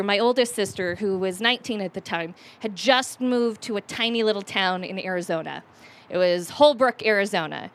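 A woman's voice: medium pitch, fairly bright tone. A woman in her late twenties telling a rambling, self-mocking personal story at a live storytelling event, with many fillers and restarts.

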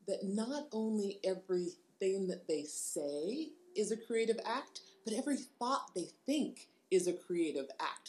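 A woman co-hosting a podcast, speaking in a calm, reflective way. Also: mid-range voice. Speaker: podcast co-host. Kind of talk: casual podcast chat. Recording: echoey room.

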